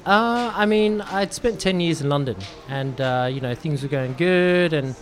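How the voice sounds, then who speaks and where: A man with an Australian accent chatting casually as a podcast guest, relaxed and quick to laugh. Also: fairly high pitch, soft background music. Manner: relaxed, laughs often, says "you know" a lot. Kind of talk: casual chat.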